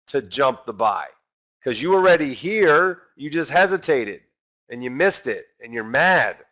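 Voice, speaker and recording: A trading instructor with a high-leaning, pushed, bright voice keeps the session conversational. He sprinkles in "right" and "okay" nonstop and plays out the inner monologues of frustrated traders.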